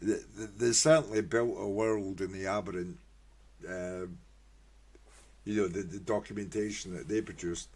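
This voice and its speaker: A man's voice: deep voice, steady tone, normal speed, a little mellow. A middle-aged man chatting casually about tabletop games, laughing often and swearing freely. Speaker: tabletop game player. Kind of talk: casual chat.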